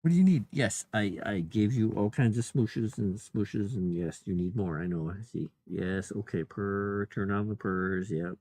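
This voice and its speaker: A man's voice: on the low side, fairly even intonation, unhurried, hardly any pauses, a little mellow. A man, an author, chatting casually with his viewers on a live stream and cooing at his cat between thoughts.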